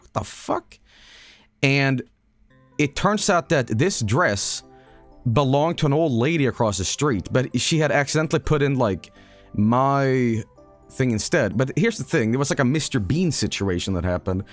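A man, a streamer casually telling a rambling, self-mocking story. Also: medium pitch.

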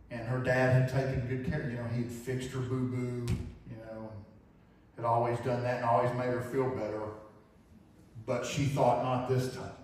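A man's voice: mid-range voice, darkish tone. A man preaching a sermon, telling an illustration story in an earnest, vivid way and often repeating phrases. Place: church sanctuary. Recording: very echoey hall, mic far off.

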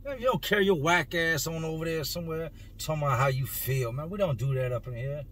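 A man's voice: fairly high pitch, fast talker, a bit bright, a little hiss or hum. Earnest man telling his own story. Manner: earnest, emotional, stretches words for emphasis. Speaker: vlogger. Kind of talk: personal storytelling to camera.

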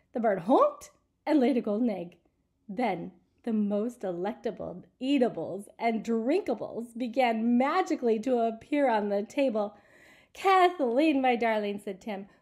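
A woman reading a picture book aloud to children, asking them questions as she goes. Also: medium pitch. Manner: asks listeners questions, animated.

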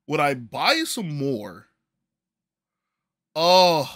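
Casual male podcast host, bright tone, close dry mic, rambling and relaxed. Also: fairly high pitch, drawn-out words, no room sound. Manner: relaxed, rambling, laughs easily. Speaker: podcast host reviewing sodas. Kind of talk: casual solo review chat. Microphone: desk microphone.

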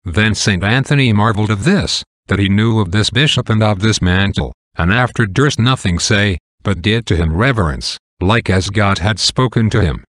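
Man, low voice, dry close recording, measured reading of saints' lives. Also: a bit bright, no echo. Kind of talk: slow reading of an old text.

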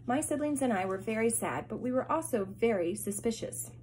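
Woman reading calm clever girl, composed, polite, storybook. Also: a little high, brisk, slight background noise, close to an everyday voice.

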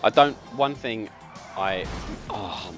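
Young man giving excited gameplay commentary. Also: fairly low pitch, slow pace, over music. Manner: excitable, bossy when giving directions, laughs often. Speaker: gaming channel host.

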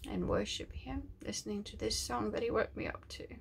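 A woman minister delivering a prophetic message in a hushed, tender, reverent way, often dropping to a whisper and lingering on her words. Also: mid-range voice, a little fast, vocal fry, slight background noise.

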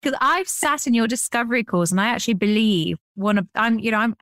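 An English woman co-hosting a podcast, chatting in a lively storytelling way with easy laughs. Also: fairly high pitch, quick pace, dry recording, clean studio sound. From England. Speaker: podcast co-host. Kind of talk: casual chat.

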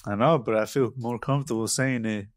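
A man's voice: medium pitch, fairly even intonation, brisk, no echo. Hesitant man on a dry podcast mic. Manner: hesitant, nervous. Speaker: podcast co-host. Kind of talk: casual chat. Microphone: studio podcast mic.

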